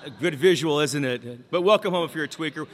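In a hall with long reverb, a man with a higher-leaning voice talks a little fast as he shares his personal testimony at a recovery meeting. He is Mexican-American and speaks candidly, joking and asking the crowd questions.

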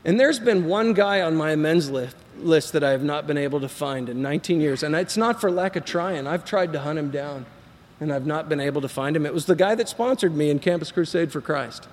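Speaking a little fast in a slightly high voice, this middle-aged man from Texas shares his personal recovery story with a group. The big-room sound carries a faint hiss or hum, and his telling is rambling, full of acted-out dialogue and self-deprecating humor.

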